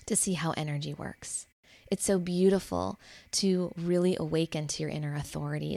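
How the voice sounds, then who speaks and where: Gravelly low-voiced woman podcast host. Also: no room sound. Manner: earnest and encouraging, laughs easily. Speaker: podcast host and life coach. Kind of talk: solo spiritual podcast monologue.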